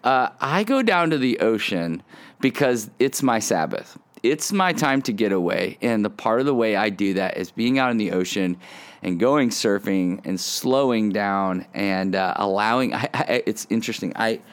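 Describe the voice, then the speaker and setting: A man's voice: on the low side, lively intonation, normal speed, clean tone. A man hosting a casual devotional podcast from his front porch, earnest and reflective in a conversational way. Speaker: podcast host.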